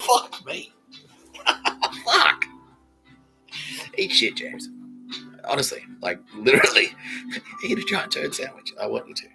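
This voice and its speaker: Profane, giggly Australian man with a lively voice. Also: takes it slowly, gravelly, long pauses, soft background music, rough recording. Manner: profane, giggling, wildly swinging pitch. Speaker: podcast host. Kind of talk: rambling comedic monologue.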